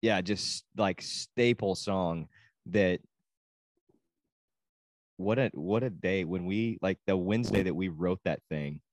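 Male co-host, 40s, low voice, dry close mic, rambling casual chat. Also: slow, long pauses, no room sound. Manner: rambling, laughs easily. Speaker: co-host, youth minister and musician.

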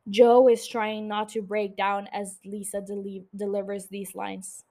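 A woman's voice: mid-range voice, level tone, unhurried, gravelly, hardly any pauses, mellow. A woman hosting a podcast, recapping a TV episode in a casual, blunt, gushing way and swearing freely. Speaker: podcast host.

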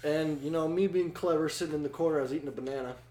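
Young man, podcast guest, slightly high voice, animated storytelling, laughing, echoey room. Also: rapid-fire. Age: young adult. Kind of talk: casual storytelling.

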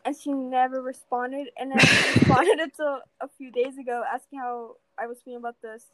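A teenage girl with a high, bright voice rants to a friend, piling on fillers and repeats. The sound is dry and close, with no room around it. Her chat is casual and animated. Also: brisk, no room sound, poor audio. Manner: animated ranting, lots of fillers. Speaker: student.

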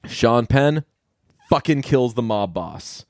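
A man's voice: slow pace, no echo, studio quality. A man casually recapping a movie plot on a podcast, acting out the characters' lines in a raised voice. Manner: animated storytelling, acting out quoted lines in a higher voice. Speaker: podcast co-host.

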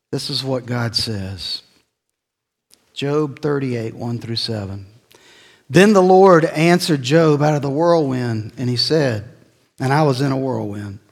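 A middle-aged man preaching a sermon, telling a personal story, his voice swelling and then dropping low. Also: creaky, big-room sound. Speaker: pastor.

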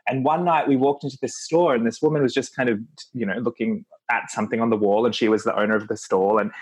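A man hosting a casual conversation, relaxed and affirming, telling a rambling travel story. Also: mid-range voice, fast talker, husky.

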